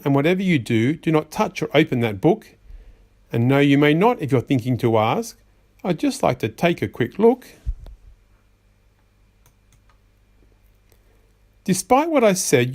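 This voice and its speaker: A man's voice: fairly high pitch, big pitch swings, normal speed, darkish tone. A man voicing a fussy magician's white rabbit that scolds a child in rhyme, exasperated and sing-song. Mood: scolding. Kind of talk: rhyming storybook reading.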